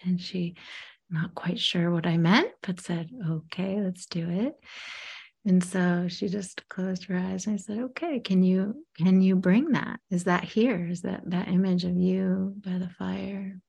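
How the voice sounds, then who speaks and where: Woman, meditation teacher type, telling a story in a halting, hushed way; slow delivery. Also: lowish voice, steady tone, vocal fry, husky, muffled recording. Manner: halting, soft-spoken, often drops to a whisper. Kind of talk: reflective storytelling.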